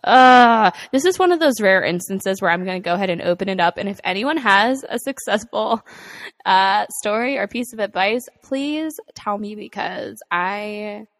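A woman's voice: mid-range voice, expressive, normal speed, no echo. A young woman in casual conversation, chatty and laughing often, with plenty of filler words. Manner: chatty, laughs often, many likes and ums. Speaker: podcast co-host. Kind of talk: casual chat.

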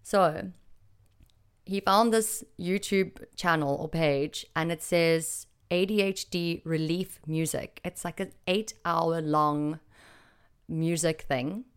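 A woman hosting a casual solo podcast from a small home office, chatty and excitable, rambling a little. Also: deep voice, takes it slowly, clear, resonant tone. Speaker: podcast host.

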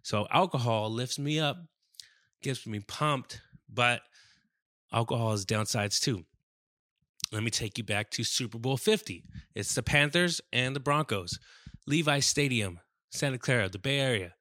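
Lively, bright-voiced male podcast host. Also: mid-range voice, unhurried, no room sound, studio quality. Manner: animated, swears, mouths sound effects. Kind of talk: casual comedic storytelling.

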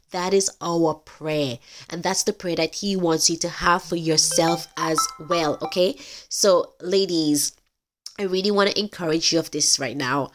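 A woman's voice: fairly low pitch, moderate pace. A woman hosting a podcast, giving an earnest, emphatic faith-based talk straight to her listeners. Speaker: podcast host.

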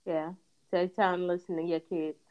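A woman and mother chatting casually, telling lively stories and acting out what her kids say. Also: on the low side, normal speed, smooth. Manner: animated storyteller acting out her kids' lines. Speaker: podcast co-host and mother. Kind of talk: casual chat. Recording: slightly dull lo-fi audio.

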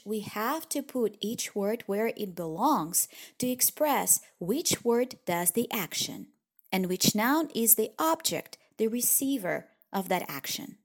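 Woman teaching a language lesson. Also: fairly high pitch. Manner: clear, explanatory, lively intonation.

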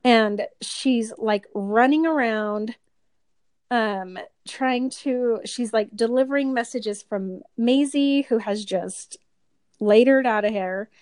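A woman's voice: fairly high pitch, takes it slowly, darkish tone, clear, resonant tone, no echo. A woman chatting as a podcast co-host and stage performer, telling a story in a gushing, rambling way with many fillers. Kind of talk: casual chat.

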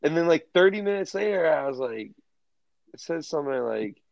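A man's voice: a little high, a little fast, gravelly, dry recording. Profane man, casual podcast banter. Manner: profane, storytelling, animated. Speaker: podcast co-host. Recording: dull lo-fi sound.

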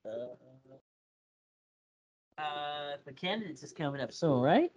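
A man's voice: on the high side, takes it slowly. A man co-hosting a podcast in casual chat, telling stories in a slangy, rambling way and laughing often. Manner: laughing, lively storyteller. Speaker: podcast co-host.

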